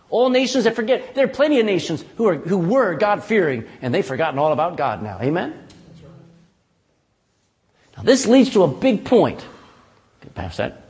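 A man preaching a sermon in a folksy, animated way, often asking the congregation "amen?". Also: high voice, moderate pace, long pauses, long reverb tail. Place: church.

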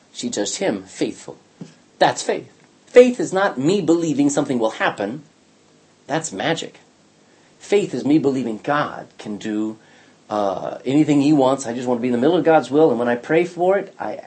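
A man's voice: mid-range voice, a little mellow, husky. A man leading a Bible study, reading scripture aloud and explaining it with emphatic repetition and questions to the class. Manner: emphatic, repeats key words, asks the class questions. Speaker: Bible teacher.

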